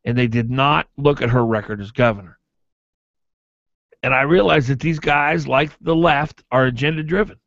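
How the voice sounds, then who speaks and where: A man hosts a morning talk radio show, pressing his opinions with emphatic energy. His voice sits at a middle pitch. The sound is dry and muffled, like an AM radio broadcast. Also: moderate pace, gravelly, no room sound. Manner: emphatic, animated, argumentative. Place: radio studio.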